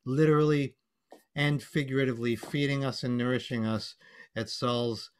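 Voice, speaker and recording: A man's voice: mid-range voice, fairly even intonation, moderate pace, smooth. A man emceeing an online panel, telling a joke and signing off with playful wordplay over a video call. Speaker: emcee and storyteller. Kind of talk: casual online panel hosting.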